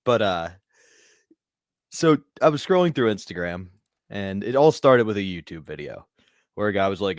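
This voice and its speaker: Low, dry-voiced podcast co-host, male. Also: very animated, normal speed, long pauses, dry recording. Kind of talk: casual podcast chat.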